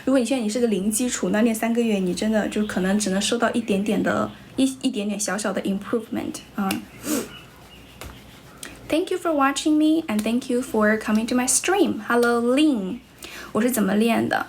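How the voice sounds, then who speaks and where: A woman's voice: fairly high pitch, fairly quick, darkish tone, slight background noise. A young woman from China with a Chinese accent, an English teacher livestreaming casual chat, answering viewers' comments, switching between English and Chinese, and blunt with rude viewers.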